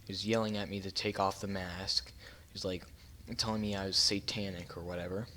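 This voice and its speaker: Young male vlogger, lowish bright voice, loose rambling storytime delivery. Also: level tone, fairly quick, slight background noise. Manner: rambling, self-correcting, lots of fillers. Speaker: YouTuber. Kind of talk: casual storytime narration.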